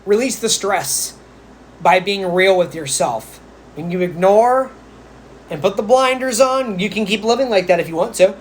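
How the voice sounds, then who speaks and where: A man's voice: sits high, lively intonation, moderate pace, a little hiss or hum. A psychic man giving casual spiritual advice on a live stream, chatty and rambling, with playful asides. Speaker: psychic medium.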